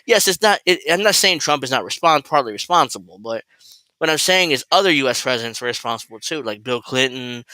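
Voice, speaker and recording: This livestream host talks politics from his kitchen while he cooks, rambling in a sardonic way and swearing without restraint. His medium-pitched voice is bright, forceful and lively in intonation, a little fast, with no echo.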